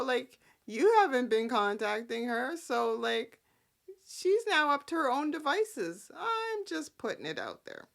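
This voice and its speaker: A woman hosting a casual soap-opera recap, sassy and animated, often breaking into character quotes. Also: high-pitched, unhurried, vocal fry. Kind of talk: casual chat.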